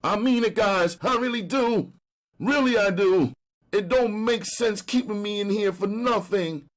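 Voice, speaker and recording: A man's voice: sits high, unhurried, pitched above the performer's own voice. A man voicing a desperate male junkie informer who whines and pleads with the police. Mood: pleading. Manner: whining, pleading.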